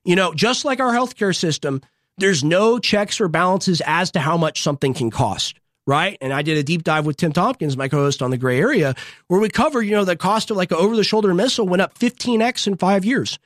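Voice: animated, fairly quick, dry recording. Young host ranting fervently, dry studio. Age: young adult. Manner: fervent, preachy, repetitive rallying lines; big swings in pitch and loudness. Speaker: show host. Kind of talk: impassioned political monologue.

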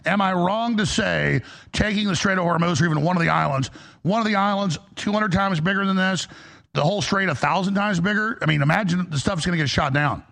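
A man's voice: high-pitched, a little fast, vocal fry, fairly bright tone. A man hosting a talk radio show with callers, talking in a rambling, emphatic way. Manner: rambling, emphatic, mocking quoted voices.

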